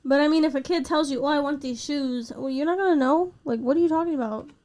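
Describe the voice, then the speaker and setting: Young female podcast co-host, high voice, teasing and quick to push back. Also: a little mellow. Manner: teasing, backchannels a lot. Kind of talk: casual chat.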